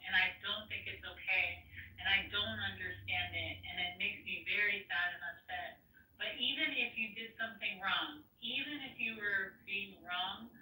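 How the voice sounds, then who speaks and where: Woman, earnest and apologetic, bright voice, distant echoey recording. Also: mid-range voice. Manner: earnest, apologetic, repeats herself. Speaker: participant in a group voice chat. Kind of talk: emotional casual chat.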